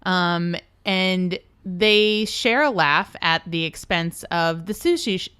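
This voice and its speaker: A woman co-hosting a podcast, critiquing a film in an animated, opinionated way. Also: takes it slowly, clear, resonant tone. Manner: animated, opinionated, pitch jumps up when emphatic. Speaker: podcast co-host. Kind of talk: casual film discussion.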